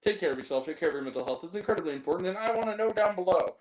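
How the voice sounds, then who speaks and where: A young man talks straight to camera in a loose, rambling review, blunt and quick to apologize. His voice sits a little high, and the room around him rings with echo. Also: animated, darkish tone. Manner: blunt, rambling, self-deprecating. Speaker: movie reviewer. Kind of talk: casual video review. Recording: echoey room.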